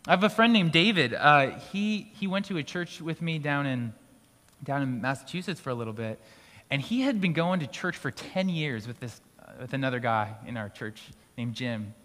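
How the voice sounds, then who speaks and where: A man's voice: mid-range voice, animated, moderate pace, a bit bright. A man preaching a sermon as pastor, in a conversational way with restarts and occasional light laughs. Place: school auditorium used for church gathering. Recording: long hall reverb.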